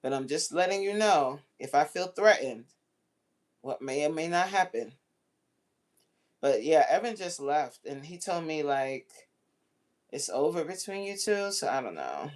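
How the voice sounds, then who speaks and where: A woman's voice: low-pitched, sing-song, unhurried. A woman hosting a casual livestream, reading out chat comments and bantering back in a playful, teasing way.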